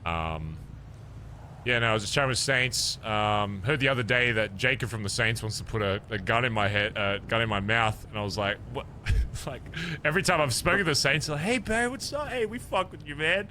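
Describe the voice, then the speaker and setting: A man's voice: lowish voice, fairly quick, bright, forceful tone, a little hiss or hum. A man streaming a role-play game, chatting casually in character, laughing often and swearing freely.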